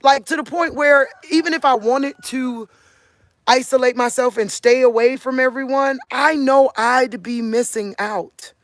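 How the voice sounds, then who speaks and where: Earnest and drawling in a country Midwestern manner, this Cleveland, Ohio vlogger in her forties talks casually to viewers and keeps asking "you get what I'm saying?" Her voice is high and a little slow, without echo.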